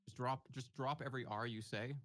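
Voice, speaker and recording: A man guesting on a stream, chatting casually and joking, with a relaxed manner. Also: mid-range voice, a little fast, dry recording. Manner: relaxed, joking, stammers on restarts. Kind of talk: casual chat.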